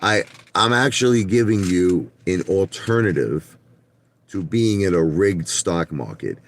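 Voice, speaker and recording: A deep, animated voice, a little slow and with a touch of hiss or hum, belongs to a man ranting on his live stream. Blunt and repetitive, he addresses viewers by name and stumbles into restarts.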